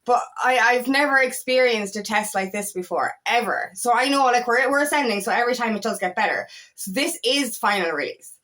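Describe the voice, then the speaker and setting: Rambling, emotional woman coach, slightly high. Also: fairly quick, few pauses, a bit bright. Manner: rambling, emotional, many restarts and repeats. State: tired and emotional. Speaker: feminine empowerment coach. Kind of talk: casual spiritual talk to camera.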